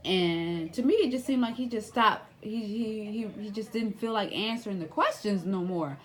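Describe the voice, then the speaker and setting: A woman's voice: mid-range voice, normal speed. A woman with a Louisiana accent giving casual spoken commentary, full of fillers and repeated words, her voice jumping up when she gets worked up. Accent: Louisiana Southern US. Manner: animated, rises sharply when excited, many fillers.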